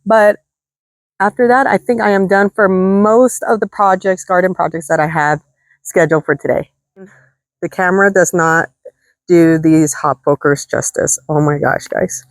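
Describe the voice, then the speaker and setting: Speaking at a moderate pace in a lowish, fairly even voice with no echo, a woman chats enthusiastically to her viewers. She's recording a casual gardening vlog in an outdoor desert garden and is out of breath from the heat.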